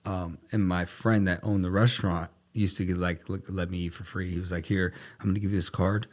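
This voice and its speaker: Man, very low voice, podcast guest, animated storyteller, acts out dialogue. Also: fairly quick. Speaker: podcast guest, luxury car dealer. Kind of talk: casual storytelling.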